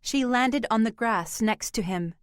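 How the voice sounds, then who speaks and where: A woman reads an audiobook at an unhurried, deliberate pace, her storytelling measured and even. The sound is dry and close, with no room around her voice. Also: a little high, dry recording. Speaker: audiobook narrator. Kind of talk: scripted audiobook narration.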